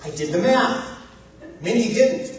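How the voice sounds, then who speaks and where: A man giving a humorous contest speech on stage, telling a comic story with timed pauses before the punchlines. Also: high-pitched, animated, background noise. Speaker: contest speaker. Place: large hall, live stage. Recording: echoey hall from far off.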